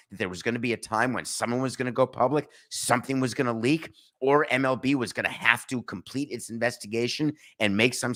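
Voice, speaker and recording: A man's voice: medium pitch, fairly bright tone. A middle-aged man hosting a solo sports podcast, speaking indignantly, firing rhetorical questions and mockingly reading out statements. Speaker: podcast host. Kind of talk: opinionated solo sports commentary.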